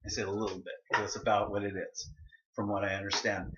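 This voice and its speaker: A man's voice: fairly low pitch, level tone, fast, a bit bright, a little hiss or hum. A middle-aged man giving a personal speech to an audience, telling a story and acting out the voices he quotes. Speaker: speaker. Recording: dull, roomy hall recording.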